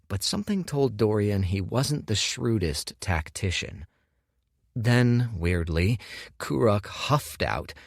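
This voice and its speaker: A man reading an audiobook in measured scripted narration. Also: fairly low pitch, no room sound, studio quality.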